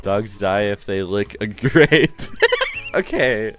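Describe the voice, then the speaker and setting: A tired young man casually commentating a live game stream, playful and excitable, with frequent gasps and laughs. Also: fairly low pitch, takes it slowly, over music. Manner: excitable, playful, frequent gasps and laughs, jumps between loud squeals and mumbling.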